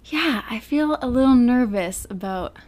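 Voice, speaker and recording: This podcast co-host is a woman from the United States with a fairly high, animated voice that has a slightly mellow quality. Her talk is giggly and chatty, with frequent laughter between thoughts and a drawn-out delivery.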